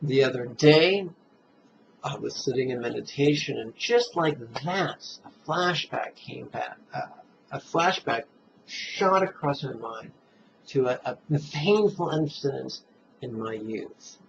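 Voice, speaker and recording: A man teaching meditation in a relaxed, playful dharma talk, chuckling at his own jokes and guiding listeners step by step through the breath. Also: medium pitch, creaky, a little hiss or hum. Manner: guides listeners slowly through breathing steps. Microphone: camera mic, self-filmed. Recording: dull, muffled camera audio.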